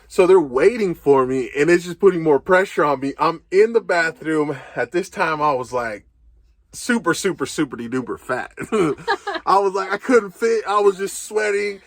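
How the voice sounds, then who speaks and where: A young man casually telling a story, animated, laughing, and swearing freely as he goes. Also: fairly high pitch, moderate pace, no echo. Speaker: co-host.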